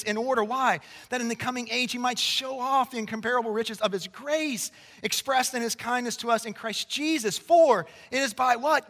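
A man preaching a sermon to a congregation, emphatic and conversational, swinging between loud declarations and hushed passages. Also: sits high. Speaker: pastor. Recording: long reverb of a large hall.

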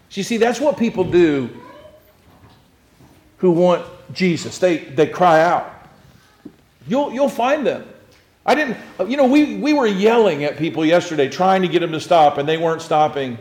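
Male pastor, earnest sermon delivery with stumbles, a bit high-pitched, roomy reverb. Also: lively intonation, moderate pace, long pauses. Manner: swings from hushed to loud, earnest with frequent restarts.

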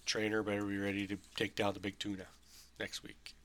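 A man's voice: fairly low pitch, completely flat delivery, a little fast, fairly bright tone, slight background noise. A man co-hosting a casual comedy podcast, chatting about fantasy football and reading listener emails aloud. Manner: laid-back, reads listener emails aloud. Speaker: podcast co-host. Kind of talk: casual comedic sports chat.

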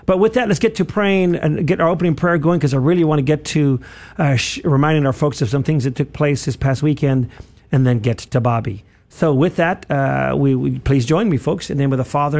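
A man's voice: on the high side, brisk, a little mellow. A man hosting a radio talk show, leading a prayer and chatting in a rambling, self-correcting way with easy chuckles.

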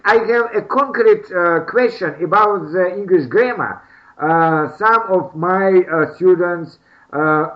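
A man's voice: high voice, dull audio. Hesitant man. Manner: hesitant, many fillers and repeated words. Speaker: English teacher asking a question.

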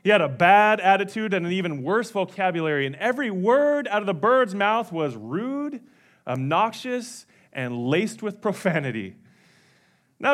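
A male pastor preaching a sermon, telling stories animatedly and dropping suddenly to a hush. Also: sits high. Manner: animated storytelling with sudden drops to quiet.

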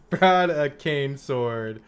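A young man co-hosting a podcast, telling rambling stories in casual chat with lots of fillers. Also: mid-range voice. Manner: rambling storyteller, frequent fillers and laughter. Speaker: podcast co-host.

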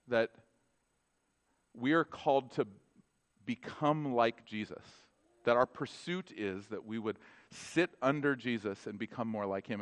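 A man, a pastor with children, preaching a sermon in a conversational, animated way and acting out short dialogues. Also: medium pitch. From North America. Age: adult with children.

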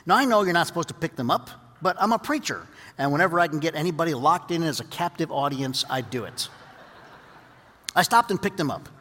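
Reverberant preacher man, high-pitched. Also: brisk. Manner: lively storyteller, drops to quiet earnest teaching. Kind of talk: sermon with storytelling. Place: large hall with audience. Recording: long hall reverb.

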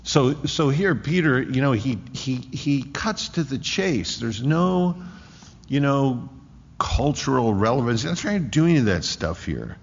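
A man preaching a sermon in an emphatic way, often restarting with quick repeated words. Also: medium pitch, big pitch swings, vocal fry, husky. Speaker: pastor. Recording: echoey hall, dull lo-fi sound.

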